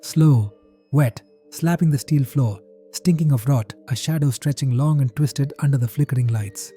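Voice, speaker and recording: A man's voice: mid-range voice, normal speed, dark tone, faint music behind. A man narrating a first-person horror story in tense, clipped phrases.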